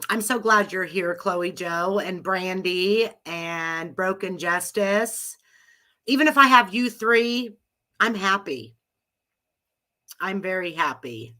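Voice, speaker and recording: Casting note: bright, forceful middle-aged woman with a cold, rambling live host. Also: mid-range voice. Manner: rambling, chatty, laughs often. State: has a cold. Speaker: live audio room host. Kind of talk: casual chat with listeners.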